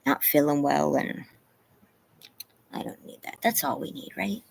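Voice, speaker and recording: A woman's voice: low-pitched, expressive, unhurried, gravelly. A woman hosting a casual livestream, tired and a little teary, greeting viewers by name between moments of talking to her dogs. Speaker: livestream host. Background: dogs barking.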